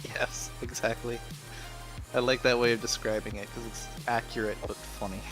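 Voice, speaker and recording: A man's voice: mid-range voice, little pitch movement, normal speed. Rambling young man chatting on a stream. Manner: rambling, playful, trying out accents. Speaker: stream guest. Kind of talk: casual chat on a game stream. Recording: game music playing behind.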